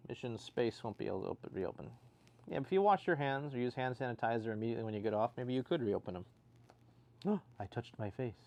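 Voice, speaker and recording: A man's voice: medium pitch, lively intonation, fast, creaky, a little mellow. A man hosting a casual livestream, reading viewer comments aloud and answering them with dry, sarcastic jokes. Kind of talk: casual chat.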